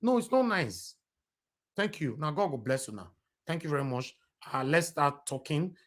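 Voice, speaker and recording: A man's voice: fairly high pitch, very animated, moderate pace. A man with a Nigerian accent hosting a casual political livestream with callers, impassioned and pleading, mixing in Pidgin English. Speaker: livestream political show host.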